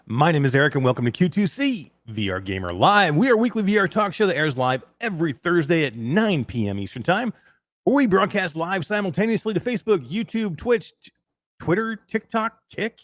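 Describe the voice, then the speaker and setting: A man with a New York accent hosts a live podcast from his home. He rambles excitedly, full of fillers and restarts. The sound is close and dry. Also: high-pitched, fairly quick, dry recording. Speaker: host. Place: emptied home den.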